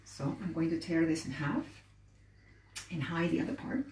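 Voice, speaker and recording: A woman's voice: deep voice, moderate pace, darkish tone. A woman host teaching a cooking demonstration live, explaining each step patiently while she works with her hands. She sounds set back from the microphone in an echoey room, with a faint hum of ambience behind her. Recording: roomy, distant mic with faint ambience.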